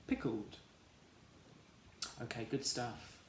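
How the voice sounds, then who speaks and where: A man teaching a children's phonics lesson, slowly sounding out letters and syllables in an encouraging way. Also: mid-range voice. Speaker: primary school teacher. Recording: echoey room, faint background noise.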